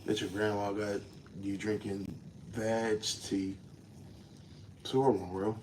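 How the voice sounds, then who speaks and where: A man co-hosting a casual livestream, joking in a mumbled, low-key way. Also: level tone, takes it slowly, background noise. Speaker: livestream co-host.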